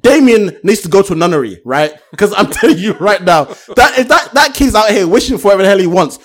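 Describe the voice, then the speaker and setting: Animated high-pitched podcast man. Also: fast. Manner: animated, swears a lot, laughs often. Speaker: podcast co-host. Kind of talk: casual film podcast chat.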